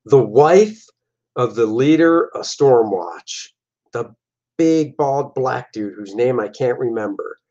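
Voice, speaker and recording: A man hosting a show and giving casual, animated commentary on his own comic artwork. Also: medium pitch, takes it slowly, dull audio. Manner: animated, jumping into voices for his characters. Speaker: comic artist and show host.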